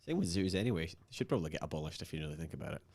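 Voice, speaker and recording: A man co-hosting a casual podcast, swearing freely and telling animated stories. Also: rumbling low, very fast, no room sound. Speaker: podcast co-host. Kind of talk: casual chat.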